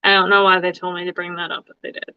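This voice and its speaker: A woman's voice: on the low side, monotone, fast, clear, resonant tone, dry recording. A woman hosting a casual live-stream as a tarot reader, chatty and often laughing between thoughts. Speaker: tarot reader and livestream host. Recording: dry, slightly dull sound.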